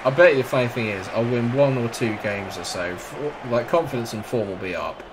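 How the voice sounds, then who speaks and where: A man's voice: medium pitch, fairly quick, noisy background. A man commentating over his own football video game, exasperated, sarcastic and self-mocking about how badly it goes. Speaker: gaming YouTuber. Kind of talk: live gameplay commentary. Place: at home, late at night.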